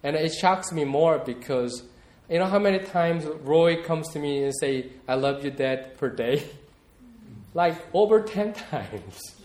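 A male pastor delivering a sermon at an unhurried pace, his voice sitting a little high for a man. He talks in a reflective, personal way, repeating words as he gathers his thoughts, and the room around him rings with echo. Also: a little mellow.

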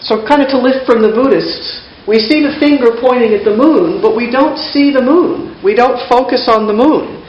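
A woman's voice: fairly high pitch, moderate pace, few pauses, slight background noise. A woman preacher giving a casual, conversational sermon in a wry tone, often restarting her phrases. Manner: casual, wry, repeats herself. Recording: dull, roomy church recording.

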